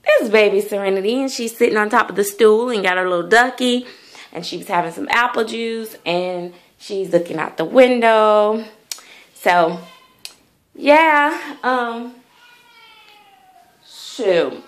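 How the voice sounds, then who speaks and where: A woman's voice: medium pitch, measured pace. A woman vlogger chatting casually to the camera in a rambling way, full of fillers. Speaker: doll collector vlogger.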